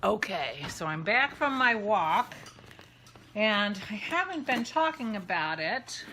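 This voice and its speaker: A woman hosting a casual vlog, chatty and excitable, gushing as she talks. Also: medium pitch, takes it slowly, noisy background. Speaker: podcast host. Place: outdoors walking a dog, then indoors.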